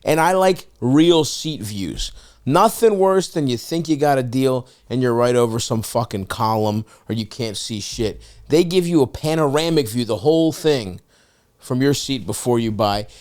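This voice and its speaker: A male podcast host who reads ads and banters with his guests. He swears freely, jokes constantly and keeps the energy up. His voice sits at a middling pitch for a man. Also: normal speed. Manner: profane, animated, jokey. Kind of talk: casual chat and ad read.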